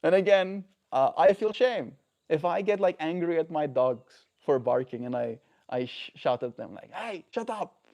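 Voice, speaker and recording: A man's voice: on the high side, normal speed, vocal fry, darkish tone. A man talking earnestly and reflectively on a daily livestream, often checking in with the listener. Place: home.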